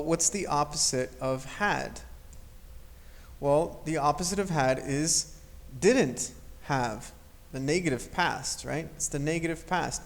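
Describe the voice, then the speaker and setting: A man teaching an English grammar lesson, explaining patiently and modeling intonation aloud. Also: on the high side.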